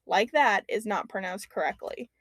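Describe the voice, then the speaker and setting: A woman's voice: mid-range voice, moderate pace, fairly bright tone, no room sound. A young woman hosting a casual podcast, chatty and loose, with frequent ums and casual swearing. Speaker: podcast host.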